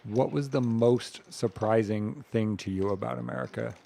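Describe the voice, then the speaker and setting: A man with a gravelly, creaky voice co-commentates live poker. He teases the players with dry jokes and asks his partner questions, speaking at an ordinary middle pitch. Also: moderate pace, warm tone, slight background noise. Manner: wry, teasing banter and questions.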